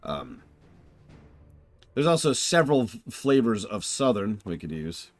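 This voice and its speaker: A man's voice: fairly low pitch, big pitch swings, unhurried, no room sound, faint music behind. A man streaming a game, chatting casually and rambling, correcting himself as he goes. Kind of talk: casual gameplay commentary.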